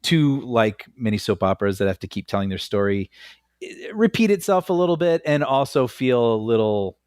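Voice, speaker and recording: A man co-hosting a film podcast in casual chat, giving measured opinions and laughing easily. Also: medium pitch, sing-song, darkish tone, clear, resonant tone, no echo, studio quality. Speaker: podcast co-host.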